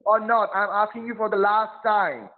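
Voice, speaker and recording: A man's voice: high-pitched, normal speed. A man playing a support agent on a phone call, pushy and threatening, repeating his demands over and over. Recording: tinny phone line.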